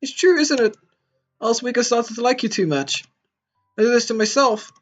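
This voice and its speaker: A man voicing a cheerful but fragile young girl from a game, speaking high and wavering as if near tears. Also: normal speed, faint music behind. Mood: scared.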